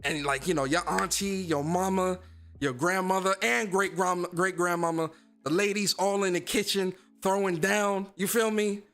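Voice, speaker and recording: A man's voice: high-pitched, fairly even intonation, moderate pace, fairly bright tone, faint music behind. A man hosting a casual gaming livestream, speaking in loose slang and getting fired up as he talks straight to his chat. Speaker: gaming streamer and podcast host.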